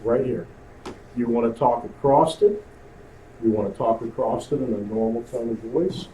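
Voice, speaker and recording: In a classroom-style lecture at a club meeting, an amateur radio instructor teaches radio communications, chatting with the room and quizzing it. His voice is medium-pitched and dark, at a normal speed. The recording is roomy and distant, with faint hiss underneath.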